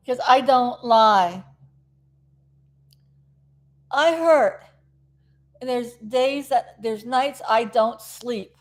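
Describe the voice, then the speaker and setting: A woman's voice: fairly high pitch, drawn-out words, long pauses. A woman from South Florida, a vlogger recovering from an injury, chatting to viewers in a rambling, emotional way. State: recovering, tearful. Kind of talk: casual chat to camera.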